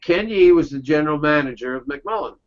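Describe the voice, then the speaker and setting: A man's voice: on the high side, expressive, a little fast. Folksy male storyteller on dull recording. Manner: folksy storytelling, checks in with "okay?". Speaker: webinar presenter. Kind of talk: casual anecdotal round-table talk.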